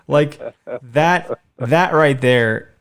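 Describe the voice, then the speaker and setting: A man's voice: mid-range voice, gravelly. A man in his thirties co-hosting a casual hunting podcast, telling stories with lots of animation. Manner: animated storyteller, acts out voices in anecdotes. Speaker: podcast co-host. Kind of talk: casual chat.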